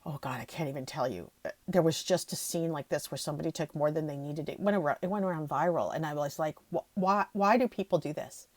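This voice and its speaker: A woman's voice: deep voice, fast talker, darkish tone, no room sound. A middle-aged woman hosting her own podcast, talking emotionally and rambling, often near tears. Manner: rambling with frequent restarts. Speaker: podcast host. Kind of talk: emotional solo podcast talk.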